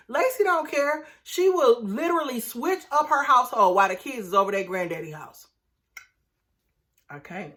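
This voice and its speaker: Bright-voiced woman recapping reality TV. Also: on the high side, normal speed. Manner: animated, outraged, talks to viewers as y'all. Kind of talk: casual recap commentary.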